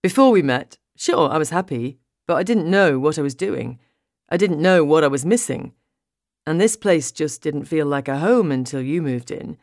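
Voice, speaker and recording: A woman reading an audiobook, voicing a playful, affectionate young man who teases his girlfriend in an unhurried way. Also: low-pitched, expressive, darkish tone, no echo, clean studio sound. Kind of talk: audiobook character voice.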